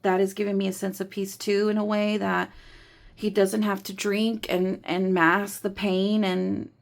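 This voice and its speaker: A woman's voice: mid-range voice, little pitch movement, measured pace, vocal fry. A woman in her thirties chatting casually in a budgeting vlog, rambling and candid, grieving, counting cash aloud between thoughts. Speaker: budgeting vlogger.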